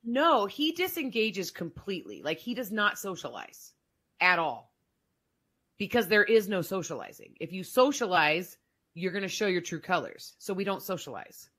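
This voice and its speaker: A woman's voice: mid-range voice, very animated, normal speed, a bit bright, slightly rough. Candid woman sharing a personal story. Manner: candid, emphatic, with frequent "like" fillers. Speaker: podcast guest. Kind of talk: casual conversational storytelling.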